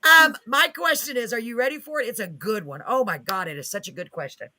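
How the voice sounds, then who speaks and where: A woman hosting a live talk show, giggly and excitable, teasing herself in casual chat. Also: a little high, brisk. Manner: giggly, excitable, self-mocking.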